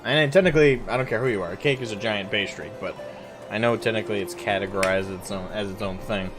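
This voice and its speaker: A man's voice: on the low side, quick pace, over music. A man streaming a game live, chatting casually and rambling to his viewers.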